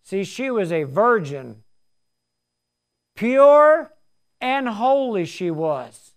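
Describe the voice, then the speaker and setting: A man's voice: high-pitched, very animated, very slow. A man in his sixties preaching a sermon, telling his story in a folksy, earnest way. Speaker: pastor.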